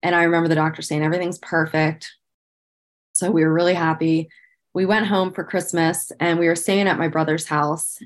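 Woman in her thirties, podcast guest, candid personal storytelling, somewhat low voice, lots of "like". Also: little pitch movement, a little fast. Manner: earnest, conversational, frequent "like" fillers; speaks about painful memories with visible emotion.

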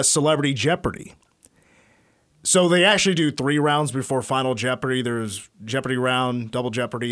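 A man's voice: a little high, dry recording, studio quality. A man hosting a sports talk show, casually retelling sports stories. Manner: storytelling, animated retelling. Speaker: sports radio host.

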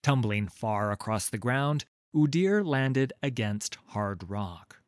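A man reading a fantasy story aloud in a measured, deliberate way. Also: mid-range voice, animated, no echo, studio quality. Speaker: narrator. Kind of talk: scripted fantasy narration.

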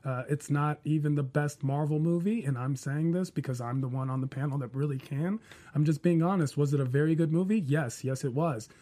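A man's voice: a little high, brisk, warm tone. A man on a casual panel discussion, giving opinionated arguments point by point. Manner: opinionated, argues in numbered points.

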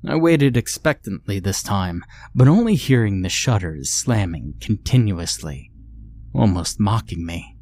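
A man reads a horror story aloud with a measured, brooding delivery. His voice sits on the low side and moves at an unhurried, slow pace. The telling is steady and deliberate. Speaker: narrator. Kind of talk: scripted horror story narration.

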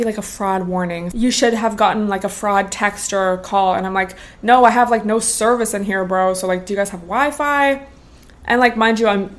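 A woman in her twenties hosting a podcast, telling a casual storytime with lots of slang and swearing. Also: medium pitch. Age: 20s. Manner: slangy, animated, swears freely. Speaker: podcast host.

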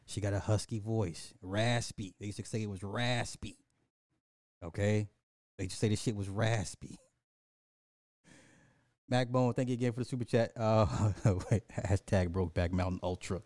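A man's voice: fairly low pitch, normal speed, pauses often, a little mellow, dry recording, studio quality. A man hosting a casual livestream, ranting profanely and animatedly, laughing and talking to his chat. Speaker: livestream host.

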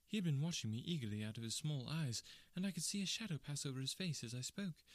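A man's voice: on the high side, expressive, quick pace, few pauses, no echo. Man reading a classic story. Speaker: audiobook narrator. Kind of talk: scripted narration, first-person classic story.

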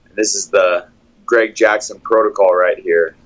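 A man who coaches fighters, calmly breaking down fight footage play by play in a steady, analytical way. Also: on the low side, moderate pace, lo-fi sound.

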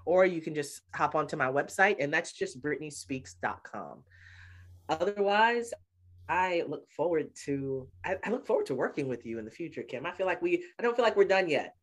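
Female guest, middle-aged, lowish voice, lively storyteller with frequent laughs, casual interview. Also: normal speed. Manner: animated storyteller, laughs often. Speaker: guest, speaker and author.

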